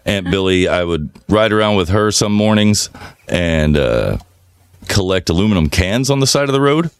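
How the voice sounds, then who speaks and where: A man co-hosting a podcast, telling rambling, profane stories in a relaxed, casual way. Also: low voice, moderate pace, smooth, dry recording, clean studio sound. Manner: relaxed rambling storyteller, swears freely. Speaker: podcast co-host. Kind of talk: casual chat, storytelling.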